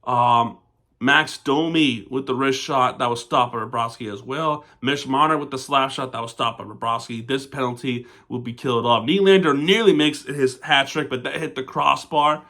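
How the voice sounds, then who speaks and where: At a moderate pace, in a pushed, bright mid-range voice, a sports fan vlogger recaps his team's hockey game with plenty of "we" and "our." The easygoing breakdown of plays gives way to swearing outbursts aimed at the referees.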